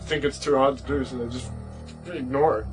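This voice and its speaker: A man's voice: medium pitch, fairly even intonation, brisk, soft background music, low-quality recording. A man co-hosting a review show in casual, comedic chat, grumbling with mock-serious complaints. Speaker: co-host, film reviewer.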